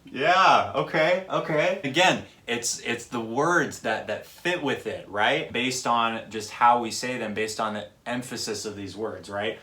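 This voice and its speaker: A man's voice: on the low side, measured pace, hardly any pauses, sharp tone. A man reviewing music in casual commentary, chatty and analytical, often checking in with "right?".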